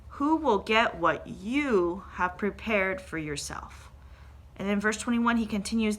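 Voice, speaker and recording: Bright-voiced woman giving a devotional. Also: on the low side. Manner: earnest, conversational, asks rhetorical questions. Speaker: church devotional speaker. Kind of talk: devotional talk with scripture reading.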